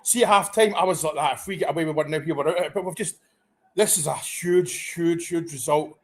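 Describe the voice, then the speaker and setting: A man reacting live as a football fan, excitable and anxious, stammering and restarting his sentences. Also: on the high side, a little fast. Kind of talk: live match watchalong reaction.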